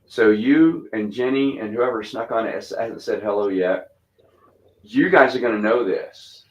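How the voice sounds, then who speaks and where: At a measured pace and through lo-fi sound, a Texas pastor in his fifties rambles easily through church mission stories. His voice sits low with a light twang, and he circles back with restarts and filler words.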